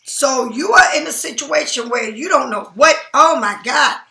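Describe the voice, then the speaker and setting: A woman's voice: high voice, lively intonation, moderate pace, sharp tone, echoey room. A woman giving a casual tarot reading to her viewers, blunt and emphatic, swearing freely, and sleepy enough to keep yawning. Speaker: tarot card reader.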